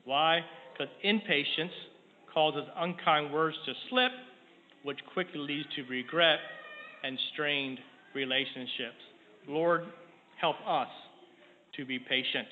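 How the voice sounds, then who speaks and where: Earnest preacher in an echoey church. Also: male voice, on the high side. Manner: measured, earnest, reads scripture in raised voice. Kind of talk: sermon. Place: church sanctuary. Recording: tinny lo-fi sound in a long-echo hall with faint noise.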